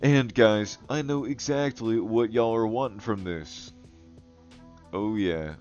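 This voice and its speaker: A man's voice: lowish voice, takes it slowly, darkish tone. A man giving comedic, crude commentary while drawing, laughing often and calling himself the Goblin King as he talks to viewers. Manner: crude, profane jokes and frequent laughing; self-styled Goblin King persona talking to viewers. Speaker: digital artist and video host. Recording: dull lo-fi recording with faint music.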